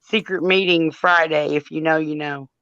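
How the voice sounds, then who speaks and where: A woman's voice: sits low, fairly even intonation, moderate pace, fairly bright tone, dry recording, dull audio. A woman, telling stories in casual chat and laughing often as she acts out quotes. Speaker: live stream co-host.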